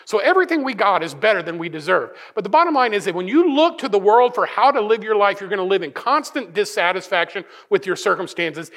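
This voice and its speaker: A male pastor preaches in an animated way, trips over restarts, and slips into the voices of the people he quotes. His voice sits high and bright, and it rises and falls across a wide range. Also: fast, hardly any pauses. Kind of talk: sermon.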